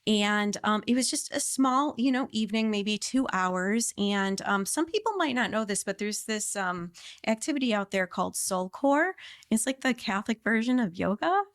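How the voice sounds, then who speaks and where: A woman's voice: medium pitch, lively intonation, moderate pace, no echo, clean studio sound. A woman in her late thirties, a podcast guest talking in a chatty, conversational way with many fillers. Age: 30s. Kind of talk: conversational interview.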